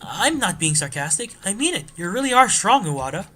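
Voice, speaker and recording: A man voicing a timid, earnest small young programmer in a game let's play, soft and hesitant. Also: high voice, very animated, a little fast, soft background music, pitched above the performer's own voice, exaggerated voice.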